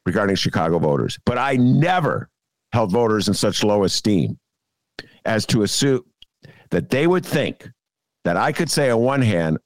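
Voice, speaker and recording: Sarcastic man ranting on politics. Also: no echo. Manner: sarcastic, scolding, swinging between loud jabs and low asides. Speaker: podcast co-host. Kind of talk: political commentary chat.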